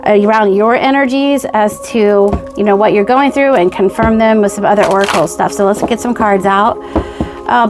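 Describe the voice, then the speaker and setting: A woman giving a pick-a-card tarot reading, gushing and excitable, speaking straight to the viewer and checking in with "okay?" and "right?". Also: on the high side, slight background noise. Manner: says "okay?" and "right?" often. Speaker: tarot reader.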